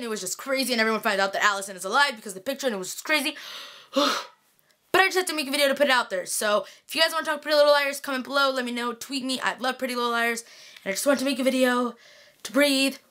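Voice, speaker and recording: Young female vlogger, rather high and sparkly voice, gushing fangirl recap, full of sighs and filler. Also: bright, forceful tone. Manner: gushing, sighing fangirl talk full of "like" and "freaking". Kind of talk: casual excited recap chat to viewers.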